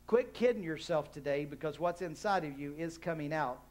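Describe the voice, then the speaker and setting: A man's voice: a little high, a little fast, a little mellow. A man preaching a sermon as pastor in a church, rising into emphatic call-and-response with the congregation. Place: church hall.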